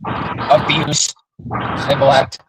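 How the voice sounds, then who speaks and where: A man in casual chat on a livestream, swearing freely as he tells blunt stories. His voice sits at an ordinary pitch. Steady background noise runs under the talk. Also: drawn-out words. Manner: blunt, profane storytelling. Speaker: livestream host.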